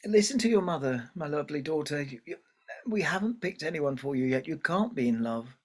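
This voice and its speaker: A man voicing a gentle, hesitant moon father in a told folktale. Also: a little high, animated, brisk, voice pushed up. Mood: pleading. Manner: soft, hesitant, pleading.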